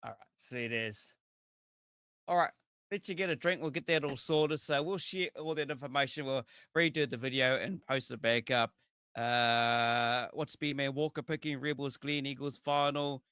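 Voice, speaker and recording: A man from New co-hosting a casual live show, upbeat and giving shout-outs to viewers. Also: medium pitch, normal speed, clean tone, no room sound, studio quality. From New Zealand. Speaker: co-host. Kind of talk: casual live-stream chat.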